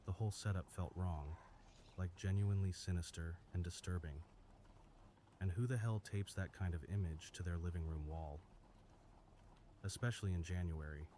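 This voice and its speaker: A man reading scripted first-person horror stories in a steady, measured way. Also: sits low, slight background noise. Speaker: story narrator. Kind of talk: scripted horror story narration.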